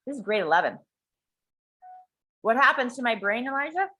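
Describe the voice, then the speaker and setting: A woman talking in a blunt, animated way, swearing freely as she leads a small group. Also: on the high side, normal speed. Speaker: coach and workshop leader. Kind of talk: casual talk to a small group.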